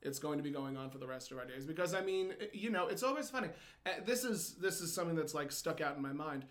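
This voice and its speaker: A man with a Brooklyn accent co-hosting a podcast, chatty and quick to laugh, often cutting in over his co-host. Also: a little high, animated, a bit bright. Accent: Brooklyn New York. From Brooklyn, New York. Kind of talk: casual chat.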